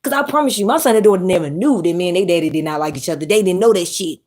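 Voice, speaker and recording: A woman's voice: fairly low pitch, very fast, darkish tone. Blunt, profane woman ranting. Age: adult mother. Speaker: commentary YouTuber. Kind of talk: ranting commentary.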